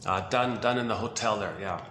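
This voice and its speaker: A man's voice: fairly low pitch, brisk, bright, forceful tone. A man giving a rambling, casual talk about psychology, thinking aloud with many restarts. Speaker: video host. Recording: roomy echo with faint hiss.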